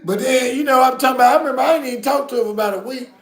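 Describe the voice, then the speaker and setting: Man, podcast host, casual storytelling, swears a lot, loud outbursts, high voice. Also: racing. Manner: profane, animated, bursts into loud outbursts. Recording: roomy echo.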